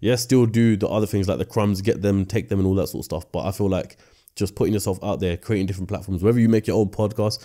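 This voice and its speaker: A man's voice: on the low side, steady tone, quick pace, mellow. A man hosting a casual podcast chat, offering his opinions carefully and thinking aloud. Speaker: podcast host.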